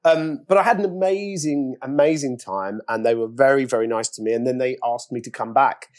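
A middle-aged Englishman chats as an interview guest, his voice sitting in a middle register. He tells stories in an animated way, leaping up in pitch when he acts out what people said. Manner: animated storyteller, acting out quotes with big pitch jumps. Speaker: actor interviewee. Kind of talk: casual anecdotal interview talk.

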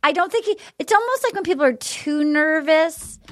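Woman podcast host, high voice, lively storyteller. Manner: fast, animated storytelling with quoted voices. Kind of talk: casual chat.

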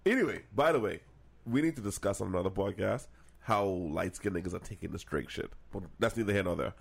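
A young man co-hosting a podcast, telling stories in a profane, animated way and putting on voices for the people he quotes. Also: low voice, fast, vocal fry, husky. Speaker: podcast co-host. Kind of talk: casual podcast banter.

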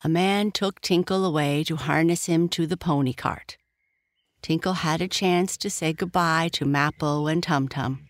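A gentle storyteller reads a children's bedtime tale in an even, middle-pitched voice. The sound is dry and close to the mic. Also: measured pace, no echo. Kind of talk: scripted storybook narration.

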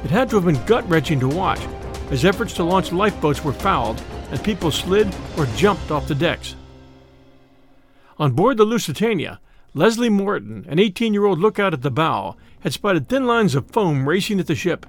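A male narrator guides the listener through a historical story told in the second person. His voice is fairly high and swings widely in pitch, and faint music plays underneath. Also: very animated, normal speed, husky.

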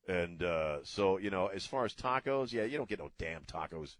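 Middle-aged guy ranting on talk radio, low voice, blunt and cussing, dry studio sound. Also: animated, moderate pace, no room sound. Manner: blunt, ranting, casual cursing. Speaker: radio talk show host.

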